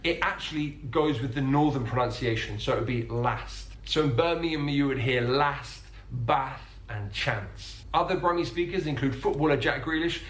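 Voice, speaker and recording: Guy teaching accents, sounds out words slow and careful, bit of room echo. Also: on the high side. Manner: demonstrates sounds slowly and carefully. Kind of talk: explanatory narration.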